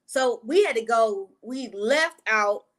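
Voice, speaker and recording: A woman vlogger telling a casual storytime, profane and exasperated, with slangy asides and quick greetings to her viewers. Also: fairly high pitch, animated.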